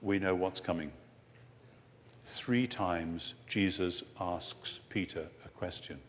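Older man preaching in an echoing hall. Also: low voice. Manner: expressive, slows down for emphasis, swings between soft and loud. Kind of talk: sermon-style lecture to an audience. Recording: long hall reverb.

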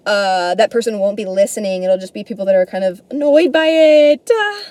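A woman's voice: medium pitch, expressive, brisk, a little mellow, dry recording. A young woman hosting a solo podcast, rambling casually, swearing freely and stumbling over her words in a self-deprecating way. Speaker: podcast host.

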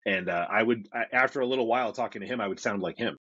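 A man's voice: on the low side, quick pace, fairly bright tone, husky, highs cut off. A middle-aged man from Brooklyn with a mild New York accent, chatting casually as an interview guest and rambling with easygoing restarts. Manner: rambling, self-correcting, easygoing. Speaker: podcast guest, comic creator.

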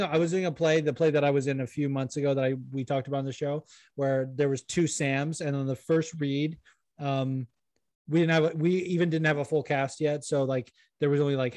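A man's voice: on the high side, darkish tone, no room sound. Rambling young man hosting a podcast. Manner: rambling, self-deprecating, swears and laughs. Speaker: podcast host. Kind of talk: casual chat.

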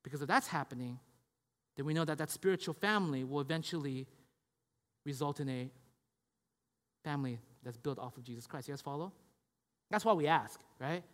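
A man's voice: fairly high pitch, a little fast, long pauses, fairly bright tone. A man preaching a conversational sermon, casual and repetitive, checking in with the listeners as he goes. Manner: casual, repeats "right?" and "you guys get me?". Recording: long hall reverb.

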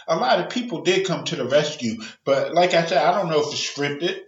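A man with a slightly high voice hosts a podcast by himself, ranting in a casual, profane way as he drifts off topic and does impressions of other people's voices. He talks at a moderate pace with few pauses, and the recording is reverberant with the highs cut off.

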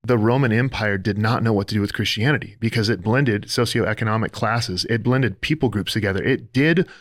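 A man's voice: on the low side, brisk, no echo. A man co-hosting a faith-based podcast discussion, speaking earnestly in a preacher-like way and building his points in lists. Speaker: podcast co-host.

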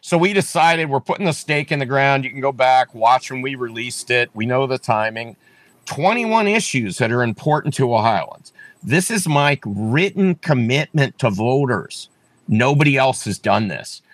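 Emphatic political candidate, dry close sound. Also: male voice, medium pitch, lively intonation, moderate pace, dry recording. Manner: emphatic, repetitive, restarts often. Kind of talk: campaign interview talk.

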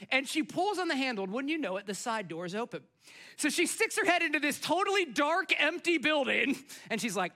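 A pastor delivering a sermon, telling a family story in a casual, animated way and speaking directly to the congregation. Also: male voice, very high-pitched, brisk. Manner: conversational, animated storytelling, asks the crowd.

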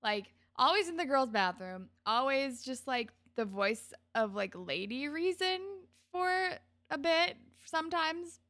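A woman's voice: high-pitched, expressive, measured pace, hardly any pauses, pushed and bright, no echo, clean studio sound. A woman co-hosting a podcast, retelling a TV episode casually and acting out the characters' lines. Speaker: podcast co-host. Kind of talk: casual chat recapping a TV episode.

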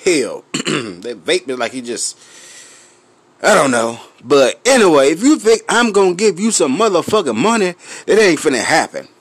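A man with a Memphis accent vents to his viewers in a high, lively voice that swings up and down. He takes his time, laughing and clearing his throat while he smokes. The sound is close and dry. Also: moderate pace, dry recording. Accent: Memphis Southern US. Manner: loud, profane, laughing between lines; smoking, clears throat often. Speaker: vlogger. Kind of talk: profane rant to camera.

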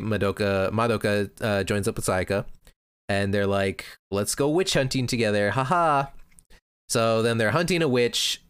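Chatty guy recapping a show, smooth voice, dry close sound. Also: on the low side, fairly bright tone, dry recording. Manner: chatty, laughs often. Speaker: podcast host. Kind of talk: casual anime recap.

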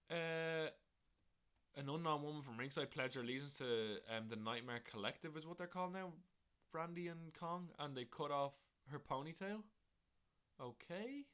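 A man talks on his own in a loose podcast recap, full of ums, asides and the odd swear word. His voice sits at an everyday middle pitch. He chats along in an offhand, unscripted way. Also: a bit bright. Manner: casual, rambling, swears, laughs often, many fillers. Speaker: podcast host. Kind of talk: solo wrestling recap podcast.

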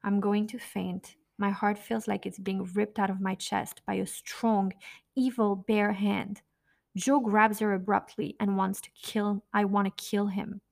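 A woman's voice: medium pitch, flat delivery, a little slow, vocal fry. A woman narrating her own memoir in a blunt, raw, profane way.

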